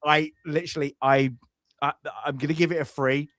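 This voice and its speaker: A man's voice: fairly high pitch, moderate pace, no room sound, clean studio sound. A man co-hosting a film review podcast in casual chat, ranting with exasperation and stumbling over his words, repeating himself as he restarts sentences. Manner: exasperated, animated dislike.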